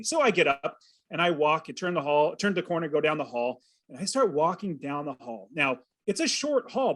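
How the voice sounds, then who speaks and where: A man in his thirties, a podcast guest, telling a personal story with earnest, animated feeling and acting out his own thoughts. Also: a little high. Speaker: podcast guest, real estate investor. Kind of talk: storytelling in an interview.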